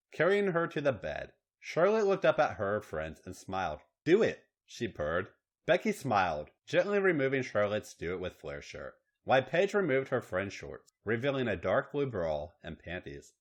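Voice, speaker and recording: A man with a fairly low, sing-song voice reads a story aloud at a normal pace. He hosts a podcast and delivers the erotic fiction in a matter-of-fact way.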